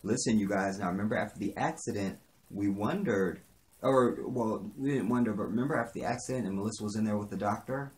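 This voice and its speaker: Man, lowish voice, casual opinionated TV reviewer. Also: fast talker. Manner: chatty, opinionated, acts out dialogue. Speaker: TV episode reviewer. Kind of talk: casual recap of a TV episode.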